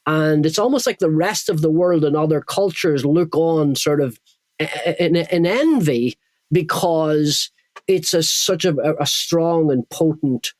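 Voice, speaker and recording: A man's voice: fairly high pitch, a little slow, a little mellow, no echo. Earnest Irish man, dry sound. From Ireland. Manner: earnest, searching for words, restarts. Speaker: guest. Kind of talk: podcast interview.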